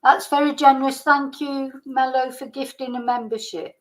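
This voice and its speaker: A woman's voice: high voice, steady tone, moderate pace, rough recording. A woman chatting casually on a live stream and thanking viewers by name. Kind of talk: casual chat.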